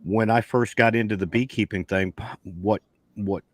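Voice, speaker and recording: A man's voice: on the low side, fairly even intonation, normal speed, no echo, clean studio sound. A man, chatting on a video call as a guest beekeeper and telling rambling stories with many restarts. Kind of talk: casual chat on a video call.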